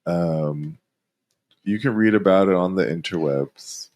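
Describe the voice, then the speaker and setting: A man's voice: low voice, unhurried, darkish tone. A man co-hosting a podcast in casual chat, explaining a topic carefully and hedging with frequent ums. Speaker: podcast co-host.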